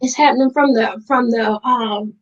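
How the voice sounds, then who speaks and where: A woman's voice: fairly high pitch, steady tone, moderate pace, muffled recording. A woman, a guest in an interview, talks about her recovery in a candid, earnest and direct way, often addressing listeners as "y'all".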